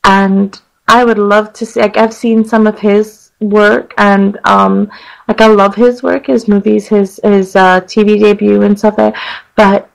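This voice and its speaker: A woman host with a gravelly, fry-edged voice gushes about a guest actor with drawn-out dramatic emphasis. Her talk is casual and lively. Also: medium pitch, rough recording. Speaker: radio host. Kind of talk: casual interview chat. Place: radio studio.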